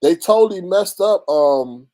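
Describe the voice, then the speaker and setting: A man doing casual gossip commentary on a livestream, reading chat and talking in an animated, dramatic way with frequent laughter. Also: high-pitched, measured pace.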